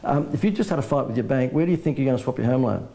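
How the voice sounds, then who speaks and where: A man's voice: mid-range voice, expressive, racing, vocal fry, warm tone. An Australian man, a marketing guest, telling punchy salesman-like stories in a business interview.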